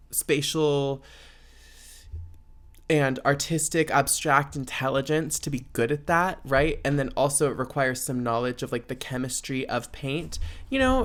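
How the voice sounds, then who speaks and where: A man's voice: medium pitch, fairly bright tone. A man hosting a casual solo podcast, talking in a loose, rambling way with lots of fillers. His humor is dry and sarcastic. He sounds like he is chatting off the cuff to listeners. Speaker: podcast host.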